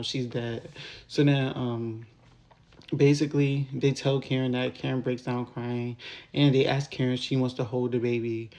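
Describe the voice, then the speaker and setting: Casual male reviewer, mid-pitched, rambling recap delivery with lots of fillers. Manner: rambling, filler-heavy, animated when venting. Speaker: TV episode reviewer.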